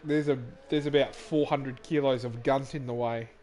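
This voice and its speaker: Joking man, mid pitch. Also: steady tone, normal speed, a little mellow. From Australia. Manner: joking, laughs often, self-mocking. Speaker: stream co-host. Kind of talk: casual chat over racing commentary.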